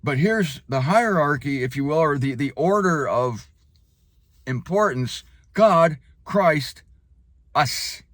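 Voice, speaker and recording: A man giving spoken Bible teaching in an emphatic way, slowing down hard on key phrases and leaping up for emphasis. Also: no echo. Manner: animated, leaps up in pitch for emphasis.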